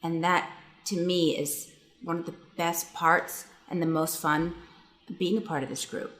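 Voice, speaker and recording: Woman, earnest, reflective commentary, lowish voice, roomy sound. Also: level tone, measured pace, fairly bright tone. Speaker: cast member on a reality show aftershow. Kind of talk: reflective talking-head commentary. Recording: roomy echo.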